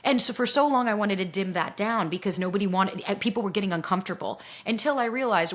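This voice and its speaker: A woman dating coach talking candidly as a podcast guest, blunt and energetic, swearing freely. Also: mid-range voice, quick pace, hardly any pauses.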